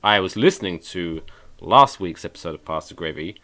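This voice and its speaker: A British man co-hosting a podcast, chatting casually with joking banter and quick asides. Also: deep voice, expressive, bright, forceful tone. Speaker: podcast co-host. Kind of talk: casual chat.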